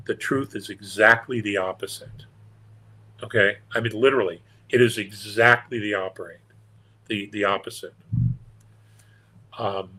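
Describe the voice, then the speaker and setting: A man's voice: lowish voice, bright, forceful tone, low-quality recording. An older man, a guest on an interview show, telling stories in a meandering, earnest and wry way. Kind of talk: casual storytelling interview.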